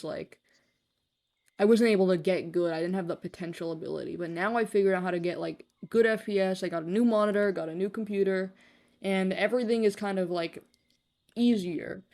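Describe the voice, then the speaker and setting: A young woman live-streams a game and chats casually, rambling with plenty of fillers, swearing freely and poking fun at herself. Her voice is on the low side with a darkish tone.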